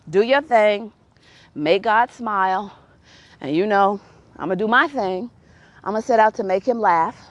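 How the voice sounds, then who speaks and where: A young adult woman hosting a podcast, telling a story casually in an animated, exasperated way and laughing often. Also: medium pitch. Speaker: podcast host.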